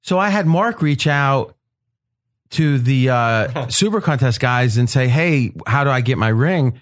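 Animated male podcast host, lively pitch. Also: unhurried. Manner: animated, laughing storyteller. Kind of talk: casual roundtable talk.

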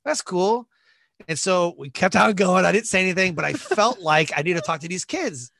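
Lively, bright-voiced man telling a story. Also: high-pitched, fairly quick, gravelly, no echo. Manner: animated, acts out voices in his stories, many fillers like "like". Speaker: podcast guest. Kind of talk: storytelling in a podcast interview.

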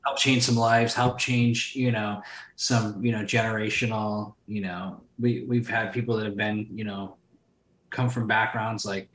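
A man's voice: on the low side, level tone, a little slow, a bit bright. Rambling man in a roomy echo. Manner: loose and rambling, heavy on fillers, swears freely. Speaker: podcast guest, solar sales entrepreneur. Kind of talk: casual chat.

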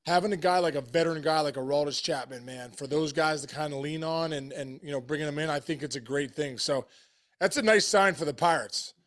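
A man's voice: on the high side, brisk, a bit bright. A man co-hosting a sports talk show, giving encouraging, emphatic commentary. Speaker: sports radio co-host.

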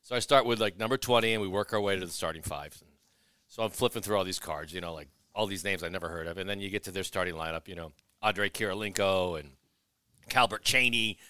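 A man's voice: deep voice, fast talker, smooth, no room sound. A man who works as an arena announcer, telling stories in a casual chat and acting out what others said. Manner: animated, acts out quotes of others. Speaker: arena announcer, podcast guest. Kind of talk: casual storytelling.

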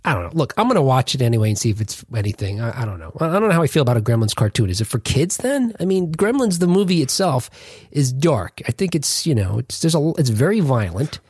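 A man's voice: mid-range voice, big pitch swings, fast talker, darkish tone, slightly rough, dry recording, studio quality. A man hosting a podcast in casual chat, rambling and correcting himself as he jokes along. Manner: rambling, self-correcting, jokey. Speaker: podcast host.

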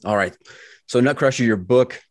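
A male podcast host asking easygoing interview questions in a relaxed, casual way. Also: medium pitch, moderate pace, no echo, clean studio sound.

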